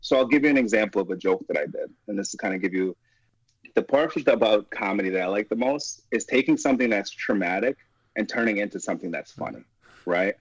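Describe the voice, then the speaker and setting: A man who does stand-up comedy, speaking as a guest with an animated, emphatic storytelling manner and frequent laughter. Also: on the low side, quick pace, husky, dry recording, low-quality recording. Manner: laughs often, breaks into laughter mid-story; emphatic, repeats "you know what I mean".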